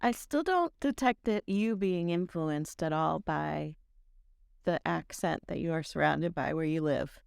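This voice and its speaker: Gravelly low-voiced woman co-host. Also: a little slow, darkish tone, no room sound, clean studio sound. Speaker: podcast co-host. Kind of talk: casual podcast banter.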